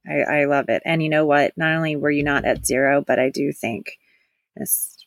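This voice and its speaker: A mid-pitched voice jokes and banters lightly during a casual podcast talk. The sound is dry, with little room in it. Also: moderate pace, gravelly, no echo. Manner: playful, bantering. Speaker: podcast co-host. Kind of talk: casual chat.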